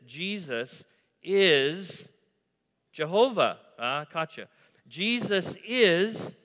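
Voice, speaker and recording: A man preaching a sermon, moving from soft asides to loud, emphatic declarations. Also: mid-range voice. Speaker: pastor. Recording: long hall reverb.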